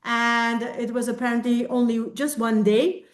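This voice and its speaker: A woman with a somewhat high voice tells a personal story to her coaching group over a video call. She is from Belgium and speaks in a candid, reflective way. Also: flat delivery, unhurried.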